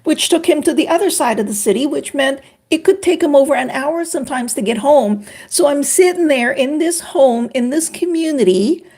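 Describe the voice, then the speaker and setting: An older woman from Canada, a former couples therapist, chatting on a livestream in an animated way and greeting viewers by name. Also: sits high, moderate pace, few pauses. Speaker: relationship expert on a livestream. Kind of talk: casual livestream chat.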